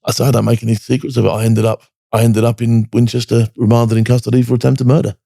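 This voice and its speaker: Fast-talking gravelly man, blunt. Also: medium pitch, little pitch movement, warm tone, no echo, clean studio sound. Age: 40s or older. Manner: blunt, heavy swearing, frequent "do you know what I mean". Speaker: guest, military veteran. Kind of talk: candid podcast interview.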